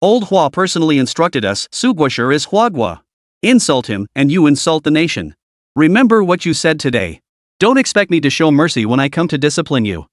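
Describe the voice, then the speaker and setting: A man's voice: a little high, sing-song, a little fast, no room sound, clean studio sound. A man voicing a stern, loyal male official who speaks firmly and with a warning tone. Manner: firm, warning.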